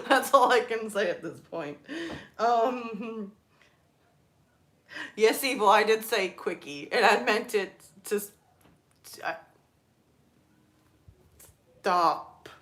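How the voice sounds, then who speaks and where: A young woman chatting on her live stream, telling stories with quick laughs. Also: mid-range voice, a bit bright. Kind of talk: casual live stream chat.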